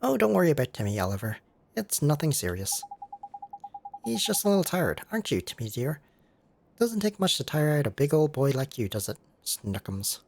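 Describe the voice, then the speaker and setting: A man's voice: a little high, sing-song, normal speed, vocal fry, slight background noise, pitched above the performer's own voice. A man voicing a doting older female shopkeeper who fusses over her cat in baby talk while reading game dialogue. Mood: cooing. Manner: fussy, cooing baby talk.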